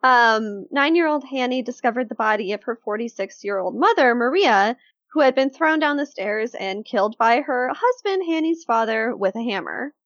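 A woman co-hosting a casual true-crime podcast, telling the case in a chatty, animated way with lots of fillers. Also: a little high, moderate pace, no echo, dull audio.

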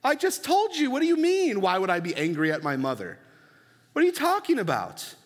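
An angry teenage boy protests in a high, whiny, indignant voice, as a preacher acts him out. He sounds sulky and defiant. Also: huge pitch swings, fairly quick, in a large hall, full character voice. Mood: incredulous.

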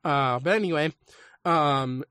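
A man's voice: fairly high pitch, slow pace, pushed and bright, clean tone, no room sound, studio quality. Chatty man rambling with lots of ums. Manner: rambling, hesitant, full of ums. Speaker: podcast co-host. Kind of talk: casual chat retelling a saga.

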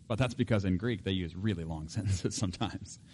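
A middle-aged pastor preaching a sermon in an animated, joking way, acting out voices and laughing often. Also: male voice, sits low, fairly quick, a little hiss or hum.

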